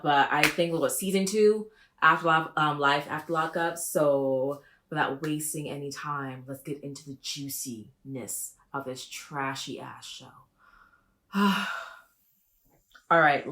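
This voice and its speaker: A woman vlogger doing casual reaction commentary, gossipy and profane, with sudden animated jumps. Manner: animated, with big pitch jumps.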